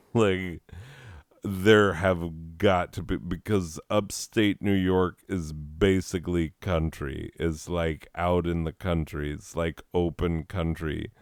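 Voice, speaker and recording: Deep-voiced guy doing a sarcastic comedy rant, smooth, dry close mic. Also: darkish tone, no room sound. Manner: sarcastic, mocking, laughs at own jokes. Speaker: comedy host reading listener letters. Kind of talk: comedic riffing monologue.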